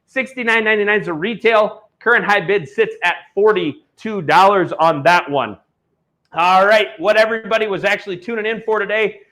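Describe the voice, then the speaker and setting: A man with a high, bright and forceful voice, hosting a live auction stream. He talks bluntly and heatedly, pushing products like a salesman. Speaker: online auction host.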